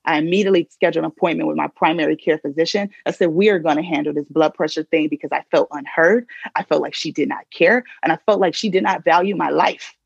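A woman guest on a podcast, telling a personal story with vivid, animated retelling, recorded a little dull and lo-fi. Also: sits low, creaky, slightly rough, no echo.

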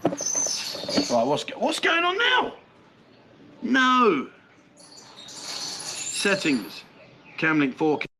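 A man's voice: high-pitched, huge pitch swings, very slow, pauses often, background noise. A middle-aged man, hosting a casual livestream and bantering cheekily with viewers as he reads out their comments. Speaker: livestream host.

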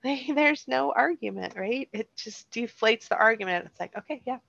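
A woman's voice: fairly high pitch, animated, normal speed, creaky, a bit bright, dry recording, muffled recording. A middle-aged woman hosting a solo podcast, telling personal stories in a candid, self-deprecating way. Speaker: podcast host.

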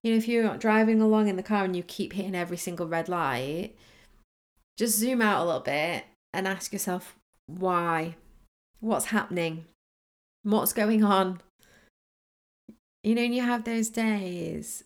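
A woman's voice: medium pitch, moderate pace. A woman manifesting coach talking casually in a solo podcast, telling a rambling story with lots of fillers and restarts.

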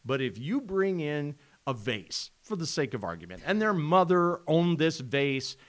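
Animated man chatting on a podcast. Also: on the high side, a little slow. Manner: animated, exclaims often, bursts into laughter. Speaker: podcast co-host. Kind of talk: casual chat.

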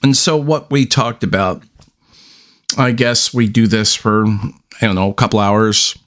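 Slow, pausing podcast host. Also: male voice, fairly low pitch, a bit bright. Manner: slow, with long deliberate pauses between statements; halting, restarts often. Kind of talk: unscripted solo podcast monologue.

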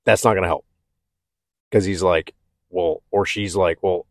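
A man talking candidly and haltingly about his own struggles, with many restarts. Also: low voice, fairly even intonation, no echo, clean studio sound. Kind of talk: personal reflective talk.

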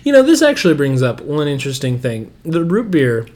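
A man's voice: on the high side, huge pitch swings, brisk, darkish tone. A man co-hosting a podcast in casual chat, teasing and wry. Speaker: podcast co-host.

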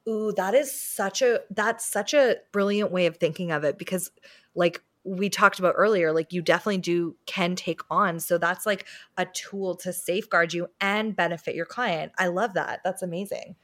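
A woman's voice: lowish voice, moderate pace, a bit bright. A woman interviewing on a casual podcast, reacting with enthusiastic admiration.

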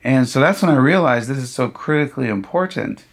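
A man, a pastor being interviewed, telling a personal story in a lively conversational way, with humorous asides and acted-out quotes. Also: medium pitch, a little fast, vocal fry. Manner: animated storyteller who acts out what others said; humorous, self-deprecating asides. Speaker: pastor and guest speaker.

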